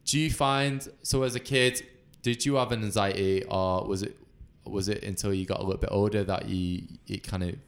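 A man chatting casually, rambling through animated anecdotes. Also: lowish voice, normal speed, smooth. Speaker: conversation partner. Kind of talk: casual chat.

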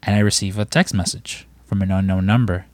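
Guy on a podcast rambling thru a story, swears, acts out quotes, lowish voice, dead dry mic. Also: fairly even intonation, a little fast, darkish tone, no echo. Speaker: podcast co-host. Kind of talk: casual chat.

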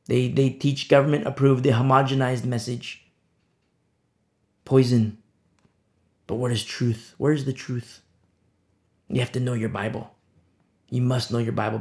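Gravelly-voiced man preaching casually. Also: a little high, a little mellow. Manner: conversational preaching, acting out little scenes. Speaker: pastor. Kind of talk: informal sermon on a Bible passage.

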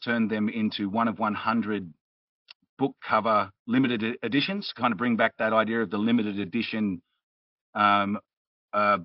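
A man's voice: fairly low pitch, dry recording, far from the mic, muffled recording. An Australian man, a guest on a podcast, chatting casually and explaining with anecdotes. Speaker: guest, audiobook narrator and publisher.

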